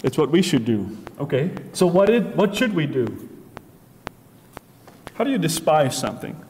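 A man preaching a sermon, emphatic, acting out what people say with sharp rises and drops. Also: on the high side, big pitch swings, normal speed. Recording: faint noise, long hall reverb.

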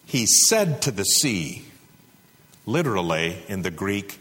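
A man preaching a sermon, with dramatic rises to loud peaks and drops to a hush. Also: medium pitch, huge pitch swings, slow pace. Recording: reverberant hall.

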